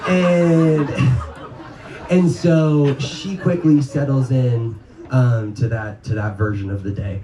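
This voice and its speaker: A man's voice: medium pitch, measured pace, dark tone. A man from North Dakota telling a story live to an audience, casual and rambling, full of ums and swearing. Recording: echoey live room from far off, noisy.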